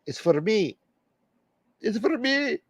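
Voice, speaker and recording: A man voicing a friendly, welcoming young woman with an Indian accent, using a high falsetto. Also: very animated, slow pace, no echo, lo-fi sound, exaggerated voice.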